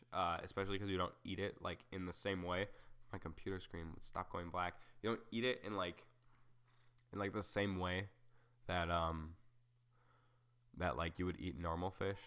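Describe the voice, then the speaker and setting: A man's voice: low voice, sharp tone, clean tone. A young man hosting a solo podcast, rambling casually through tangents and joking at his own expense. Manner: rambling and self-deprecating, full of fillers and tangents. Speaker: podcast host.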